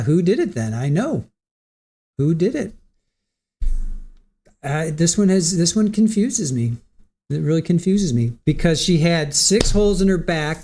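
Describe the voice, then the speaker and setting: A man's voice: a little high, lively intonation, measured pace, long pauses, mellow. A man hosting a livestream, reading viewer comments and musing through them in a casual, hesitant way, often repeating his words. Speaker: livestream host.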